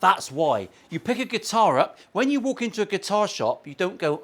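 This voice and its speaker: A man's voice: high voice, very animated, normal speed, few pauses, fairly bright tone. A man, a guitar maker and channel host, ranting bluntly and profanely in a casual opinion vlog from his workshop.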